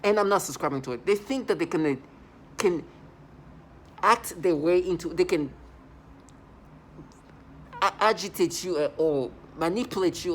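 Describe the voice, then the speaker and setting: Low-voiced woman, rambling and agitated. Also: expressive, moderate pace, pauses often, slight background noise. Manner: rambling and agitated, full of restarts and repeats. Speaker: vlogger. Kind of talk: casual monologue to camera.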